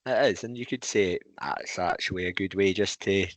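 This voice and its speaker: A man's voice: low-pitched, a little fast, dry recording. A man hosting a podcast, asking questions in a hesitant way with many ums. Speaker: podcast host. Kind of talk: casual podcast interviewing.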